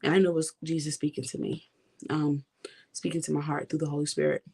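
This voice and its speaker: Impassioned woman with a gravelly voice. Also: sits low, level tone, quick pace, darkish tone. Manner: impassioned, addresses viewers directly. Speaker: vlogger. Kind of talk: personal testimony to viewers.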